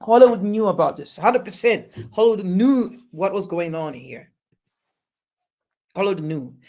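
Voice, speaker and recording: A live-stream host reacting to news and reading out viewer chat, halting with many restarts and sudden loud exclamations. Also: mid-range voice, expressive.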